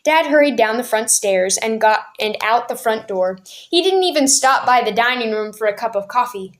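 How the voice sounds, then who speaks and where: A woman reading a family memoir aloud in a steady, clear storyteller's voice. Her pitch sits a little high and she carries the narration smoothly between the characters' lines. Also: normal speed. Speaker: storyteller aunt.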